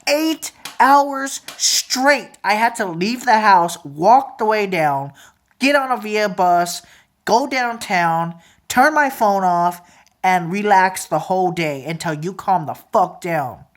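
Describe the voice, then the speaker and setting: A woman in her twenties venting angrily to camera in a profane, repetitive rant that sometimes drops to a low mutter. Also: expressive, slow pace. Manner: angry, profane ranting; repeats phrases, drops to a low mutter at times. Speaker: vlogger. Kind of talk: emotional venting monologue.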